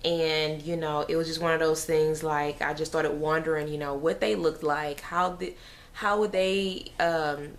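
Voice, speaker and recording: A woman's voice: low-pitched, steady tone, unhurried. A woman, a mother, chatting to camera in a rambling, emotional way with sighs and fillers. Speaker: mother vlogger. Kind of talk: casual chat to camera.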